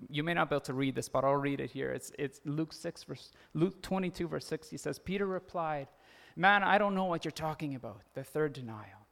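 A man's voice: a little high, creaky. A man preaching a sermon in a conversational way, often laughing and acting out the quoted lines. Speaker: pastor.

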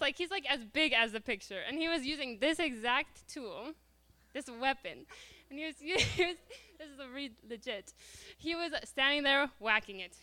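A woman telling a lively personal story to a church congregation, laughing often as she goes. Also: on the high side, smooth. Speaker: church speaker.

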